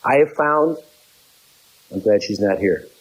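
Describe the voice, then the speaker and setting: A man's voice: animated, a little slow, highs cut off. A middle-aged man preaching a sermon, laying out numbered points and repeating key phrases for emphasis. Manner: acts out quoted voices in a high pitch.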